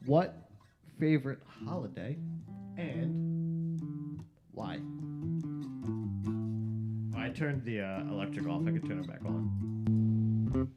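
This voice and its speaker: A man's voice: fairly low pitch, unhurried, long pauses, dull audio. A man co-hosting a casual livestream, reading viewer questions in a laid-back, dry way. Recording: loud guitar music behind.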